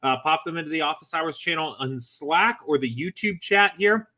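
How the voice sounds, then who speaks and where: A man's voice: fairly high pitch, animated, normal speed, pushed and bright. A man hosting a casual live-stream Q&A from home, a little out of breath, rambling with lots of fillers and self-corrections. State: slightly out of breath. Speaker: host of a fantasy sports Q&A stream.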